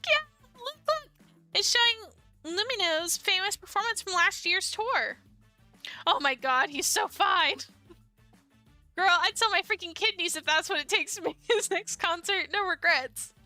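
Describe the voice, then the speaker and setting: A woman's voice: very high-pitched, lively intonation, unhurried, sharp tone, dry recording, soft background music, voice pushed up, heavily acted. Woman voicing squealing young fangirls. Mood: gushing. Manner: gushing, squealing. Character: excited young female idol fans.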